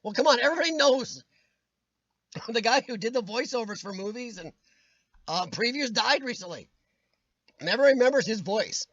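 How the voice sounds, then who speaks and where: Livestream host, a man with a high, nasal, worn voice that cracks at times, joking to chat over a dull, dry webcam. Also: lively intonation, normal speed, pauses often, fairly bright tone, dry recording. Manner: rambling, jokey, laughs often. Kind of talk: casual chat.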